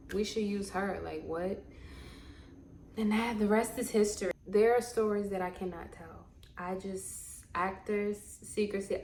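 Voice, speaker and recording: Animated woman telling stories, echoey room. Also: medium pitch, a little hiss or hum. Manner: animated, laughing, acts out quotes. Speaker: vlogger and actor. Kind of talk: casual storytelling to camera.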